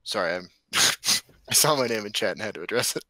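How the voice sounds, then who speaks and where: A man's voice: on the low side, lively intonation, fast talker, sharp tone, no echo. A man co-hosting a casual podcast chat, joking, laughing often and swearing freely. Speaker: podcast co-host.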